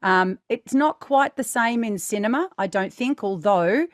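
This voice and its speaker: A woman's voice: on the high side, animated, a little slow, no room sound, studio quality. A woman hosting a podcast as a voice coach, explaining exercises patiently and checking in with "right?" and "okay?". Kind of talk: instructive podcast chat.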